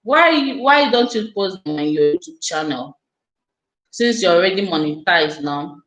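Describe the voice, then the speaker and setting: A woman's voice: on the low side, lively intonation, unhurried, fairly bright tone, roomy sound, poor audio. A woman hosting a casual live stream, chatting effusively and speaking straight to her viewers.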